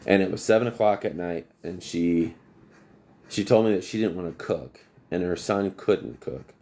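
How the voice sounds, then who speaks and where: A man's voice: deep voice, moderate pace, dark tone. A man who works as an HVAC technician, telling long rambling stories on a casual livestream and breaking off to greet viewers.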